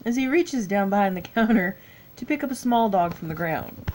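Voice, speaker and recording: A woman's voice: medium pitch, sing-song, unhurried, long pauses, darkish tone, slight background noise, rough recording. Tired Southern woman reading a game aloud. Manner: stumbles over long words and laughs at herself. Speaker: gaming YouTuber. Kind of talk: reading a text adventure game aloud with asides.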